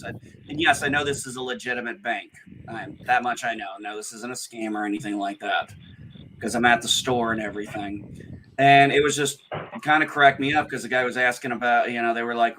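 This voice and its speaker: A man's voice: mid-range voice, fairly even intonation, moderate pace, noisy background. A man co-hosting a casual livestream chat, telling a story in a profane, exasperated way. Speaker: livestream co-host.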